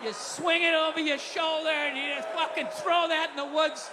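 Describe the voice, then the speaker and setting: A man's voice: very high voice, flat delivery, normal speed, crowd noise, background noise. A middle-aged man doing a stand-up comedy routine, profane and ranting as he mocks himself. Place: comedy stage in a large hall. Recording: live hall with reverb, faint ambience.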